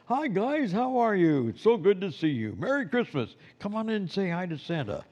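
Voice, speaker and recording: A man voicing a jolly Santa Claus who greets children with a hearty, drawn-out ho ho ho. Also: high voice, big pitch swings, darkish tone, dull audio, pitched above the performer's own voice. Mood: cheerful.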